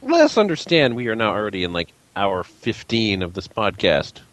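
A man's voice: on the low side, huge pitch swings, normal speed, no echo. A man co-hosting a casual group podcast who teases the host in a wry way. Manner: teasing, wry.

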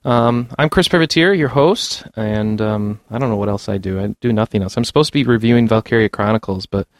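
A man's voice: fairly low pitch, a little fast, no echo, studio quality. A man hosting a casual gaming podcast, rambling and self-mocking with lots of fillers. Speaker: podcast host. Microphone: remote call mic.

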